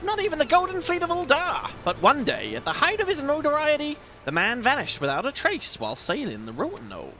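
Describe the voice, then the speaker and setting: A man's voice: extremely high pitch, huge pitch swings, a little fast, hardly any pauses, pushed and bright, pitched above the performer's own voice, heavily acted. A man voicing a chatty old male sailor who tells an old-timey seafaring yarn, reading game dialogue aloud. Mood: spinning a yarn. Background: game music.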